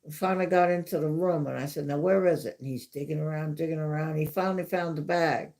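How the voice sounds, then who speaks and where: A woman's voice: low voice, fairly even intonation, fast talker, gravelly, a little mellow. A woman hosting a livestream from home, telling stories in a chatty, casual way and repeating herself for emphasis. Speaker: livestream host. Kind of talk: casual storytelling.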